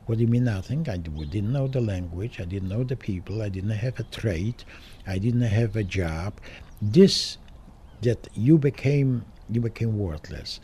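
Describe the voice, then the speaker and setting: An older man speaking with a very low, mellow voice, telling his memories in halting, emotional phrases full of restarts. A faint noise hums under the interview. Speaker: Holocaust survivor interviewee. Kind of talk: documentary interview, recounting memories.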